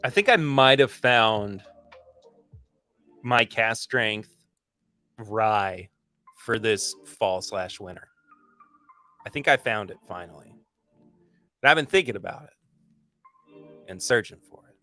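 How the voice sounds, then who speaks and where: A man's voice: fairly low pitch, takes it slowly, long pauses, pushed and bright, faint music behind. A man hosting a casual livestream podcast, chatting enthusiastically through tasting notes and rambling with restarts. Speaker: podcast host.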